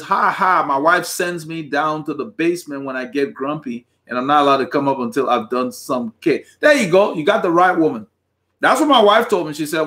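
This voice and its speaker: A man's voice: a little high, fairly bright tone. Chatty middle-aged man, rambling cheerfully. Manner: rambling and conversational, with chuckles. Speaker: host of a cycling channel. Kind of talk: live-stream chat reading viewer comments.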